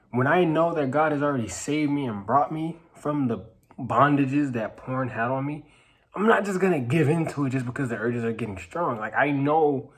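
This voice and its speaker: A nineteen-year-old man earnestly telling a personal story to camera, halting, with many restarts and repeated phrases, sometimes dropping to a hush. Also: mid-range voice. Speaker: vlogger. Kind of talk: personal testimony told to camera.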